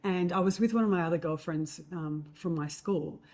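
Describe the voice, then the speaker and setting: A woman telling stories in a casual chat, lively and acting out other people's lines. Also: moderate pace. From Australia. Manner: animated storyteller, acts out quotes in a higher voice. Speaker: host.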